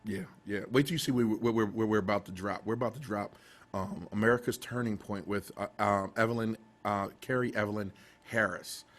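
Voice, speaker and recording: A middle-aged man, a TV station director, telling stories in a casual interview, animated and laughing, with many restarts. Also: lowish voice, fairly quick.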